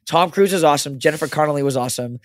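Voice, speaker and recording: A young man co-hosting a podcast, chatting casually and excitedly, swearing and saying "like" and "dude" a lot. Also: on the high side, very fast, no room sound, clean studio sound. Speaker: podcast co-host. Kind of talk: casual chat.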